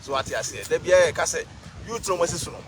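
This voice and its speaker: A man's voice: on the high side, animated, background noise. Chatty Ghanaian man vlogging in a park. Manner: repetitive, chatty, drawn-out repeated words. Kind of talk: casual outdoor vlog talk. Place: outdoors in a city park.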